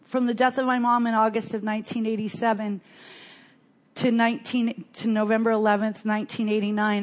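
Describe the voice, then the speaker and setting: An older woman with a mid-range voice shares her personal recovery story. She speaks earnestly but haltingly, often starting her sentences over.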